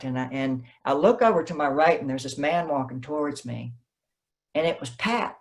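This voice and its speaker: Animated woman novelist telling stories. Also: extremely low pitch, moderate pace. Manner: animated, acts out quoted dialogue. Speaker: novelist guest. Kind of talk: conversational interview, storytelling.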